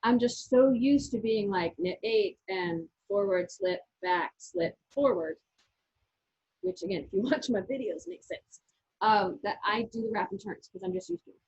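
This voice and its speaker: A woman's voice: on the high side, big pitch swings, moderate pace, vocal fry, a little mellow, husky. A woman, co-hosting a casual knitting chat from her yarn shop and explaining techniques step by step. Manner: chatty, explains step by step with restarts. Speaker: yarn shop owner and co-host. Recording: muffled lo-fi audio.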